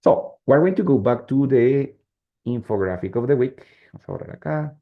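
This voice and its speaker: A man's voice: medium pitch, lively intonation, fairly quick. Man teaching English grammar. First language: Spanish. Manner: switches between English and Spanish, checks in with students often. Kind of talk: online class explaining grammar. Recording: slightly dull lo-fi sound.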